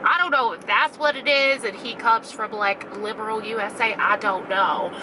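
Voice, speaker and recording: Brief: young woman vlogger, high voice, chatty and profane, filmed in a noisy car. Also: moderate pace. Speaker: beauty vlogger. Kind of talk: casual vlog while driving.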